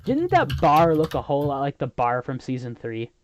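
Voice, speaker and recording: A man's voice: medium pitch, sing-song, normal speed, crowd noise. A man casually co-hosting a show review, retelling scenes and acting out the characters' lines. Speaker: podcast co-host.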